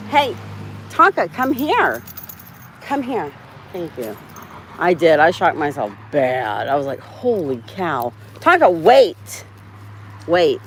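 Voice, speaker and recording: A woman's voice: on the low side, slight background noise. A woman hosting a casual live stream while walking her dogs outside, chatting to viewers and laughing often. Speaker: dog channel host. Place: outdoors on a sidewalk.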